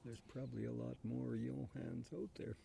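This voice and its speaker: Gravelly, very dark-voiced male guest. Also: mid-range voice, little pitch movement, moderate pace, a little hiss or hum. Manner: agreeable, frequent short affirmations. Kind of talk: casual conversation.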